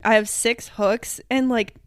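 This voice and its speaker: Chatty young woman with a bright voice. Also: fairly high pitch, measured pace, no room sound, studio quality. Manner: animated, acts out quoted dialogue, frequent "like", laughs often. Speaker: podcast co-host. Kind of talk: casual storytelling chat.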